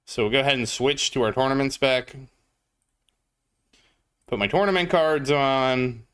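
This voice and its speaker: A man's voice: medium pitch, measured pace, a bit bright, smooth. A man streaming a mobile game, chatting casually as he plays and greeting viewers in chat by name. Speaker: gaming livestreamer. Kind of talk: casual gameplay commentary.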